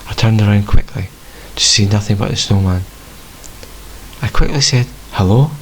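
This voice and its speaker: Gravelly low-voiced male storyteller. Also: moderate pace, a little hiss or hum, rough recording. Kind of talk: first-person story reading.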